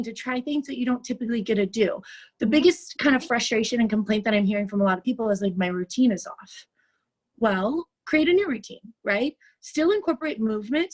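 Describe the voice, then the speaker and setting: A woman's voice: fairly high pitch, low-quality recording. A woman fitness coach giving an upbeat motivational talk over a video call, chatty and peppy, often tossing in "like" and "right?". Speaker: fitness coach speaking at a virtual brunch.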